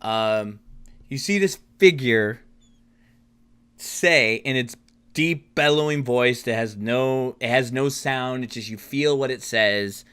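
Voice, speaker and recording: A man's voice: mid-range voice, slow pace, a bit bright, clean tone. A man narrating as game master of a tabletop role-playing game, rambling with many restarts and fillers.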